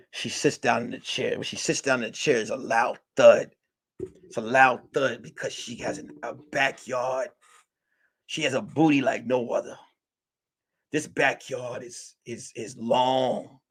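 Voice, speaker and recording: A male comedian telling a mock film-noir detective story in slow, dramatic narration with crude asides. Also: medium pitch, a bit bright, slightly rough. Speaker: comedian and podcast host.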